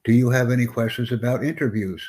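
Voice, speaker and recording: A man hosting a live-streamed English interview lesson, who speaks slowly and deliberately and sternly corrects a student. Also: medium pitch, fairly even intonation, a little mellow.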